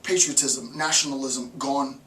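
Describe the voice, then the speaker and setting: A male professor giving an emphatic, animated philosophy lecture, repeating lines for effect. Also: mid-range voice, measured pace. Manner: emphatic, repetitive, animated, with laughs. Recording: roomy, distant mic, faint noise.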